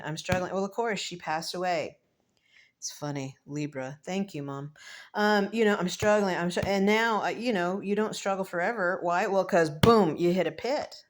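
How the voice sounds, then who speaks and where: A woman in her fifties, a tarot reader, talking through a card reading in a reflective, emotional and rambling way, with many fillers and soft laughs. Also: medium pitch. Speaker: tarot reader and spiritual medium. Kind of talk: casual spiritual vlog, tarot reading.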